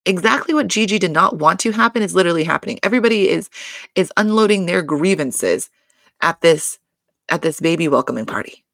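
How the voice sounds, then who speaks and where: A woman's voice: on the low side, expressive, a little fast, creaky, a bit bright, no echo, clean studio sound. A woman recapping a reality show in a chatty, filler-heavy way, with exclamations and swearing. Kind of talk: casual recap chat.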